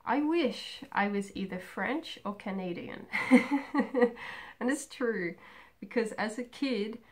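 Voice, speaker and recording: A young woman chatting casually and rambling about herself in a home video, with many pauses and "um"s. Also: a little high, expressive. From Australia. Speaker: craft vlogger. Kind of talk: casual personal chat.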